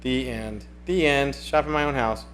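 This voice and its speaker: A man's voice: mid-range voice, moderate pace, fairly bright tone, slight background noise. A man hosting a casual livestream, chatting and reading viewer comments aloud in a rambling way that often repeats itself. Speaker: livestream host.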